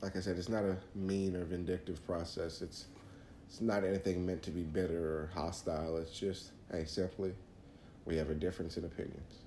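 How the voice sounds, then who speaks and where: A man's voice: deep voice, little pitch movement, brisk, mellow, roomy sound, a little hiss or hum. A man hosting a podcast, talking earnestly through faith advice in a casual monologue, often restarting phrases. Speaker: podcast host.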